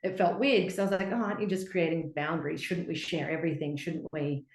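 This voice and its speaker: This is a woman chatting as a podcast guest. Her voice sits slightly low, and she talks with expressive, lively energy, often acting out little quoted voices. The sound is echoey, as if she is in a bare room. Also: quick pace. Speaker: podcast guest, relationship coach. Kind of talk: casual podcast conversation.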